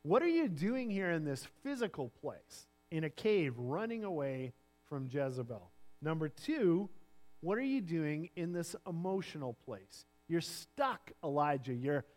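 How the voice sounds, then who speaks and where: Male pastor, sermon delivery, slightly high pitch, earnest, dynamic swings between soft and strong. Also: big pitch swings, a little slow, soft background music. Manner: earnest preaching, drops to near-whispers and swells louder for emphasis.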